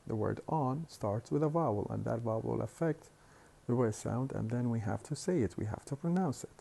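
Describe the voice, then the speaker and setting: A man lecturing on phonetics, explaining slowly and deliberately with hesitant fillers and repeated words. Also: mid-range voice, creaky, mellow, husky. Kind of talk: recorded university lecture.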